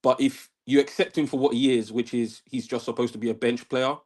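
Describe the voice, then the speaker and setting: Brief: calm male caller, measured and even-tempered, mid pitch. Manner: level-headed, measured. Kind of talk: casual football chat.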